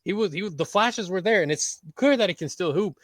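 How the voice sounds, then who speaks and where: A man's voice: high-pitched, animated, a little fast, no echo. A man co-hosting a casual sports talk show, rambling through his basketball takes in a laid-back way. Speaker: podcast co-host.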